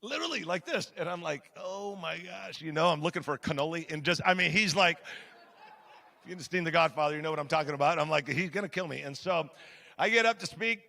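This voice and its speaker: Male pastor, gravelly and bright, chatty sermon delivery in a big reverberant hall. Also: fairly high pitch, quick pace. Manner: animated, conversational, asks the audience questions. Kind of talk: storytelling sermon. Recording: long church hall reverb.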